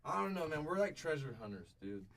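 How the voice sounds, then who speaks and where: A man's voice: fairly high pitch, sing-song, quick pace, crowd noise. A man in a band, talking casually in a radio interview, rambling and groping for words in a laid-back way. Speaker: band musician guest. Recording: distant mic with noise and clicks.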